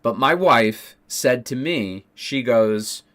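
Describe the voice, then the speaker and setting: A man's voice: medium pitch, lively intonation, slow, few pauses, a bit bright. A man telling a story to his stream chat, ranting with heavy profanity and emphatic repeats. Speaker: Twitch streamer.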